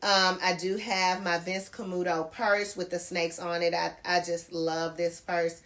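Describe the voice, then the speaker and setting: Speaking unhurriedly with a flat delivery, this middle-aged woman has a fairly low but fairly bright voice as she casually walks through a try-on haul from her bedroom by the closet. The fashion vlogger addresses viewers as "girl" and "y'all."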